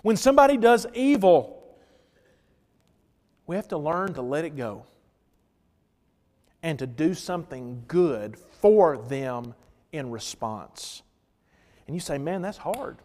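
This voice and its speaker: High-voiced preacher in a reverberant church. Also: male voice, big pitch swings, takes it slowly, pauses often. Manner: storytelling with dynamic swings from loud to hushed. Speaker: pastor. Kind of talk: sermon.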